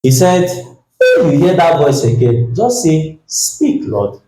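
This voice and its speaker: A pastor preaching a sermon, reading scripture slowly and acting out the dialogue with energy. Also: male voice, on the high side, very animated, mellow, echoey room, rough recording. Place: church.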